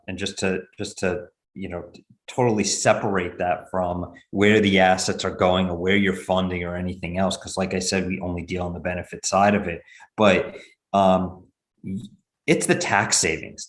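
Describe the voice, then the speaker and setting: A man with a very low voice explains benefit plans as a guest in a podcast interview. He talks at length and often restarts his sentences. The recording has a roomy echo around his voice. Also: steady tone, normal speed. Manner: explanatory, many restarts and fillers.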